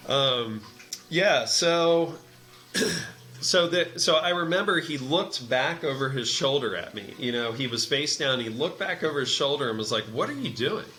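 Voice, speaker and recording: A man's voice: medium pitch, unhurried. A man, a massage therapist and energy healer, telling a story in casual conversation and acting out the dialogue as he goes. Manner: animated storyteller who acts out quoted dialogue. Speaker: meditation teacher.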